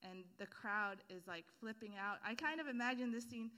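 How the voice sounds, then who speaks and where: A woman preaching in a relaxed, joking way, leaning on everyday analogies and casual slang. Her voice is high and bright, and her delivery is conversational rather than formal. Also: normal speed. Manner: casual, humorous, full of analogies. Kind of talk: sermon.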